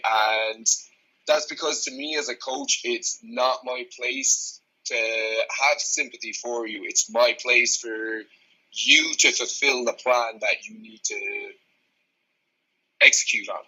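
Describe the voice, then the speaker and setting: A young Irish man in his twenties, talking as a strength coach on a podcast. His voice is very bright with a husky edge. He speaks bluntly and frankly and swears freely. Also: mid-range voice, very animated, takes it slowly, rough recording. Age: 20s. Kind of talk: casual podcast conversation.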